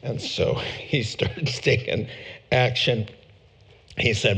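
A man's voice: mid-range voice, very animated, takes it slowly, vocal fry, slightly rough. A man preaching a sermon as pastor, emphatic and repeating words for stress.

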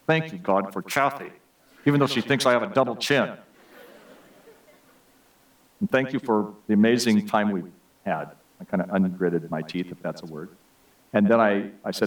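A man's voice: medium pitch, lively intonation, fairly quick, distant mic, low-quality recording. A man giving a sermon, telling humorous, self-deprecating personal stories. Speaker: speaker giving a message.

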